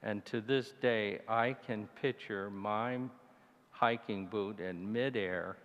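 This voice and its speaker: A male deacon tells his story slowly, from the pulpit of a church with a long, ringing reverb. His voice sits in a middle range but leaps way up when he recalls moments of fear, then sinks low and hushed. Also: lo-fi sound. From Italian heritage. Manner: storytelling, animated, voice jumps high when retelling fear. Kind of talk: mission talk, personal story.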